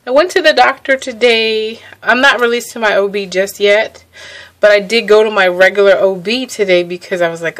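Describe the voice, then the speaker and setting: A young woman talks casually to her viewers in a vlog. She sounds a little out of breath, chatty and easily amused, breaking off sentences and starting them again. Her voice sits at an ordinary pitch for a woman. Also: moderate pace, a bit bright. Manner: chatty, laughs often, restarts sentences. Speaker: pregnancy vlogger.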